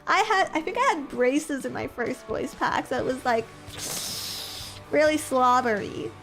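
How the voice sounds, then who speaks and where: Young woman, high voice, bubbly chatty streamer, faint music behind. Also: animated, a little slow, a bit bright. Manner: bubbly, playful, chatty with viewers. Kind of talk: casual stream outro chat.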